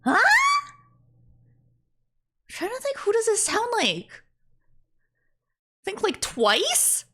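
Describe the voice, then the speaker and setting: A woman's voice: very high voice, huge pitch swings, takes it slowly, fairly bright tone. A woman streamer chatting casually and exclaiming in disbelief as she reacts.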